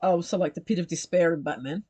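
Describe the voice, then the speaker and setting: A woman co-hosting a podcast, teasing her co-host with quick asides and frequent giggles. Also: fairly low pitch, dark tone, breathy edge, no echo. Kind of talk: casual comedic chat.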